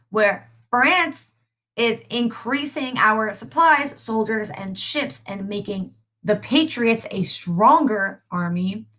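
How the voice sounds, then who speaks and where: A woman teaches a recorded history review. Her tone is bright and her pitch sits in the middle. She keeps it chatty and often checks in with her listeners. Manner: chatty, frequent tag questions.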